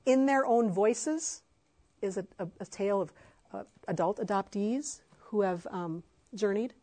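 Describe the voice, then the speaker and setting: A woman's voice: medium pitch, a little slow, warm tone. A middle-aged woman, an adoptive mother, speaking with passion and emphasis in a faith-based talk to parents, with frequent fillers.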